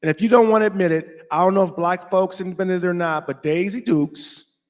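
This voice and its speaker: An American man hosting a casual commentary show, talking emphatically, repeating himself and slowing down to stress his points. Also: high voice. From United States. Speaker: host.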